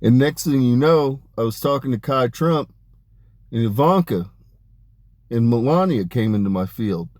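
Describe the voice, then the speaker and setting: A man talking in a rambling, emphatic monologue about spiritual matters, dropping his voice low on asides. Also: lively intonation, measured pace, darkish tone, no room sound. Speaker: spiritual channeler. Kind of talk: casual spoken monologue.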